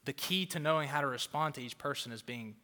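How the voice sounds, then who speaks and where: Fired-up preacher man, bright ringing voice. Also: mid-range voice, fast talker. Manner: fired-up preaching, repeats words for emphasis. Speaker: pastor. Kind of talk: sermon. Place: church auditorium before a crowd. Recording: long hall reverb.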